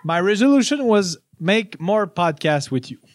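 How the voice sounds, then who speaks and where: A man's voice: high-pitched, big pitch swings, moderate pace, a little hiss or hum. A man whose first language is French, with a Québécois accent, bantering on a podcast in hesitant English full of fillers. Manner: hesitant, many fillers, laughs often. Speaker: podcast co-host. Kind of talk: casual comedic banter.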